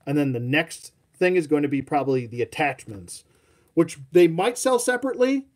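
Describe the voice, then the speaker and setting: A man chats casually while showing off toys on a live stream. His pitch jumps about a lot and sits a little high. He rambles, jokes at his own expense and talks to his dog. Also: sing-song, normal speed, darkish tone. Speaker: toy collector host. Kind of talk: live toy showcase chat.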